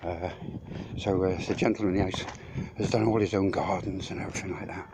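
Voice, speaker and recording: A man's voice: low voice, fairly even intonation, fairly quick. A man vlogging casually outdoors while hauling loads uphill, rambling and swearing freely as he talks to his viewers, out of breath. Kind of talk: casual walking vlog. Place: outdoors on a mountain path. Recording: noisy outdoor phone recording.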